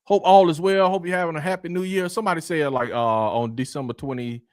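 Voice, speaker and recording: A man hosting a casual sports talk show, greeting viewers by name in a slangy, animated way. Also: fairly high pitch, quick pace, no room sound, clean studio sound.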